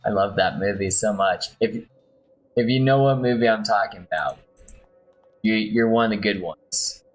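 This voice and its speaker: A man's voice: fairly low pitch, moderate pace, poor audio. A man playing a role-playing game, chatting casually and poking fun at himself while reading game text aloud. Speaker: gamer playing on stream. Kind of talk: casual gameplay commentary. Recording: faint game music behind.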